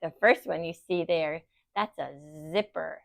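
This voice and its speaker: A woman teaching young children phonics, sounding out letters slowly in an encouraging, sing-song way. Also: lowish voice, creaky, no echo.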